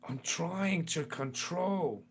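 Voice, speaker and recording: A man's voice: on the high side, slow pace, vocal fry, slight background noise. An older man hosting a casual livestream, reading out viewer comments and answering them with playful, teasing asides. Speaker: livestream host.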